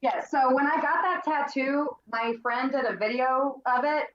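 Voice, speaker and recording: A woman's voice: high voice, normal speed, roomy sound, dull audio. A woman on a video call as guest collector, bubbly and casual, saying "like" a lot. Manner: bubbly, peppers speech with "like".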